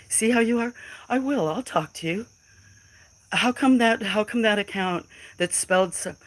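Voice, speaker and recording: Talking to her chat on a casual phone livestream, a middle-aged woman with a lowish voice responds to trolls in a defiant, emotional way. The audio is poor.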